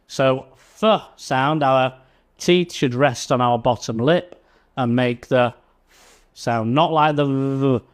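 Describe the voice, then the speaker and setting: A male teacher walks through a pronunciation lesson at an unhurried pace. He says each example word deliberately, often repeating it, with a mid-range voice. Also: medium pitch. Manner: speaks slowly, repeating example words with emphasis. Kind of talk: slow, careful pronunciation lesson.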